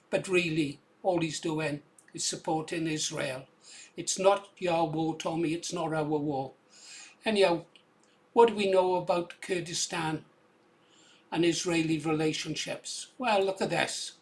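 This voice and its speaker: A man's voice: a little high, steady tone, a little slow. A man with an English accent giving casual, conversational commentary on video clips, often adding "yeah?" to his points. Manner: conversational, tag questions like "yeah?".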